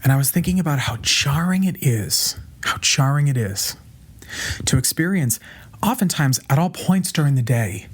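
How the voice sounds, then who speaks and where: A man delivering an earnest inspirational monologue, speaking softly and sometimes dropping into a breathy whisper. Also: mid-range voice. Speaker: motivational speaker.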